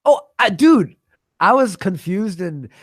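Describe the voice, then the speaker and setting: A man's voice: sits high, sing-song, slow pace, dry recording, clean studio sound. A man from Canada hosting a livestream, chatting casually with a guest, swearing freely and reading viewer donation messages aloud. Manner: profane, laughs loudly, reads viewer messages aloud.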